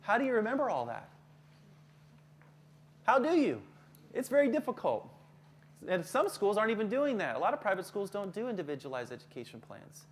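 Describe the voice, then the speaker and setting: Man, counselor, live workshop talk, lively delivery, soft low voice in calm examples. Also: a little fast, long pauses. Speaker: school counselor presenting to teachers.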